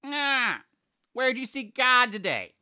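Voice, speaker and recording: A man puts on a male boss whose voice jumps far above a normal speaking voice and lands a little louder and thinner. He stretches each question out with a probing lilt, like a running office impression. The voice sounds exaggerated and nasal. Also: very high-pitched, very animated, slow, clear, resonant tone, voice pushed up, heavily acted.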